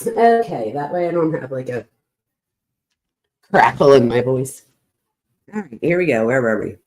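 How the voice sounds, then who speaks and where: A woman's voice: rumbling low, expressive, measured pace, a little mellow. A woman hosting a true crime show, reading text messages aloud and adding sarcastic, exasperated asides. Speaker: true crime commentary host. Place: at home with her dog.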